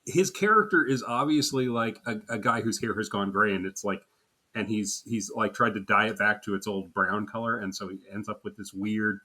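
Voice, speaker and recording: A man's voice: lowish voice, steady tone, moderate pace, pushed and bright. A man co-hosting a casual chat podcast, laughing often and acting out quotes as he talks. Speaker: podcast co-host.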